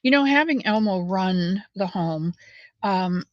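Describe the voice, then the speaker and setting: A woman chats to her viewers while she knits, telling folksy stories that wander from one thing to the next. Now and then she drops into a soft mutter as she works. The recording is dry and slightly muffled. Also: medium pitch, animated, takes it slowly, dry recording. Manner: rambling, folksy storytelling with soft muttered asides. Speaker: knitting channel host. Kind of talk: chatty knit-along monologue. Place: at home, knitting.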